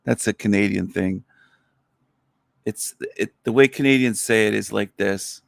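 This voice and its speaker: A middle-aged man rambles bluntly through a casual livestream monologue, his voice low and gravelly with a crackle of fry. The sound is close and dry, with no room around it. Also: a little slow, no echo. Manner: blunt, rambling, crude and opinionated. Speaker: livestream host.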